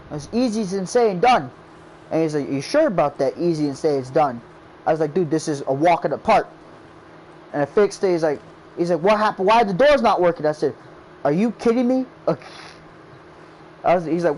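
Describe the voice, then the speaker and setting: Telling the story of how he made his game, a man rambles casually and keeps quoting his friends, saying "I was like" repeatedly. His voice is fairly high and a little mellow, and the low-quality recording carries some hiss or hum.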